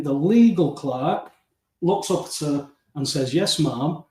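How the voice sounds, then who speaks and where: A man telling his story as an interview guest, acting out the back-and-forth with lively emphasis. His voice sits fairly high for a man. He sounds a little away from the mic, in a noticeably echoey room. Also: measured pace. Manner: animated storytelling, acting out dialogue, often addressing the host by name. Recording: roomy, distant mic.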